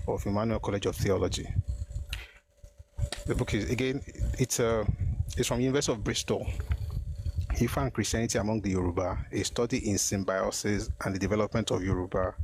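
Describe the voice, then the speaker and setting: A man's voice: fairly low pitch, background noise. A man hosting a live stream, thinking aloud and restarting his sentences, slipping into Yoruba phrases. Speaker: host of a live history stream. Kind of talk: casual live-stream talk.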